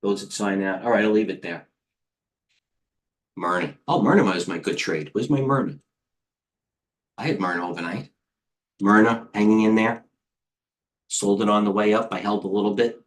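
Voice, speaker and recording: A man coaching traders live, rambling quickly from one stock to the next and growing excitable as he goes. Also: fairly low pitch. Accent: American. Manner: rambling, excitable, jumps between tickers. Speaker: trading coach. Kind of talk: live market commentary.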